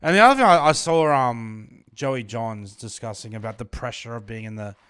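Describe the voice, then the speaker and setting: A man's voice: medium pitch, moderate pace, fairly bright tone, clear, resonant tone, no room sound, clean studio sound. A man, co-hosting a casual chat in a jokey, chatty way with loose fillers. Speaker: podcast co-host.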